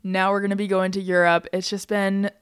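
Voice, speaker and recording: A young American woman hosting a podcast, chatting casually and bubbly, speeding up in quick bursts with frequent laughs. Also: medium pitch, little pitch movement, clean tone, dry recording, clean studio sound. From United States. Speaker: podcast host.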